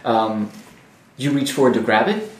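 A man as game master, narrating a tabletop game calmly, with fillers. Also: medium pitch, normal speed, a little hiss or hum. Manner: calm descriptive narration with fillers. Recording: echoey room, mic at a distance.

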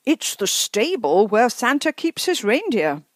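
A woman's voice: on the high side, sing-song, a little slow, no room sound, clean studio sound, pitched above the performer's own voice. A woman reading aloud, voicing an eager father trying to cheer his family up. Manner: eager, announcing.

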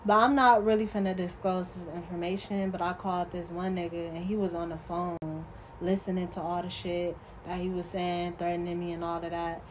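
A woman's voice: on the low side, level tone, brisk, slight background noise, low-quality recording. A woman vlogger telling a casual storytime, profane and emphatic, talking straight to her viewers.

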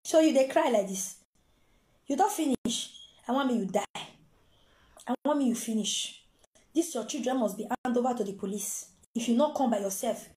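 A woman's voice: on the high side, animated, moderate pace, dark tone, roomy sound, voice pushed down, close to an everyday voice. A woman with a Nigerian Pidgin accent voicing a spiteful woman who coldly taunts her old friend. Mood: taunting.

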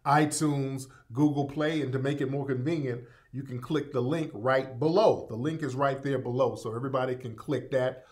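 A man's voice: mid-range voice, fairly even intonation, normal speed, few pauses, a little mellow. A man hosting a live broadcast in a loose, conversational way. He repeats his points and talks straight to his listeners, calling them family. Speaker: radio show host. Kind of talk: casual live broadcast talk.

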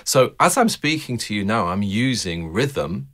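A man with a somewhat low voice talks through ideas about music like a teacher addressing a camera. His delivery is conversational and thoughtful, with frequent restarts and questions put to the listener. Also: very animated, a little slow, a bit bright. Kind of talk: explanatory talk to camera.

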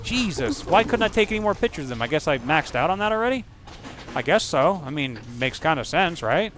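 A man giving casual let's-play commentary over a video game, excitable and profane, breaking into silly rhymes and sound effects. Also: on the high side, fairly quick, faint music behind. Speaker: gaming channel host.

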